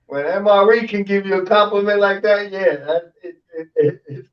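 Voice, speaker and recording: Guy with a pretty high voice, chill host, laughs a lot, cusses, muffled audio. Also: moderate pace. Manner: laid-back, laughs often, swears freely. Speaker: podcast host. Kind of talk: casual chat.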